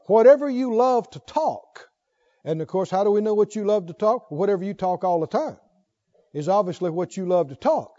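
High-voiced middle-aged preacher, dull recording. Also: male voice, expressive, normal speed, mellow. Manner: emphatic, asks the congregation rhetorical questions. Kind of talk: sermon.

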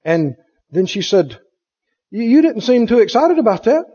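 A man delivers a folksy sermon, his high voice swooping up and down as he acts out the people in his stories. His tone is husky and mellow. The recording is dull and lo-fi, with the long reverb of a church sanctuary. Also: big pitch swings, normal speed. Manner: folksy storytelling with laughs and quoted voices. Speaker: pastor. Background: congregation answering amen.

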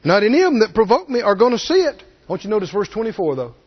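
A man preaching a sermon, animated and folksy, swinging from low asides to shouted peaks. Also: racing, husky, highs cut off. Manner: folksy, jokes with the congregation.

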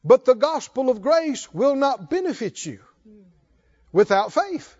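A male pastor preaching a sermon, slow and emphatic, rising to fervent calls to his congregation. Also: very high voice, sing-song, a little mellow, muffled recording.

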